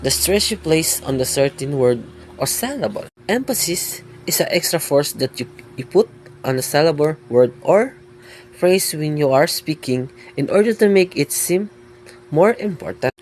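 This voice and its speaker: Young man, fairly high voice, stressing words. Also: lively intonation, moderate pace, slight background noise. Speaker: student presenter. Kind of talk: explaining in a class presentation.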